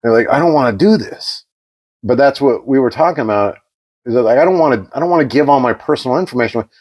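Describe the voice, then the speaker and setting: A man co-hosting a podcast, chatting casually and telling an animated story, acting out the quoted exchanges. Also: mid-range voice, fast talker. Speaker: podcast co-host.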